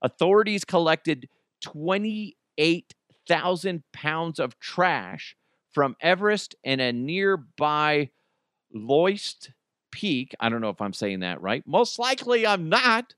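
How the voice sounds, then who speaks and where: Male solo podcast host, a touch high, bright and forceful, dry close mic, riffs on news with jokes. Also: slow, smooth, no room sound. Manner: animated, joking, reads news items aloud and riffs on them.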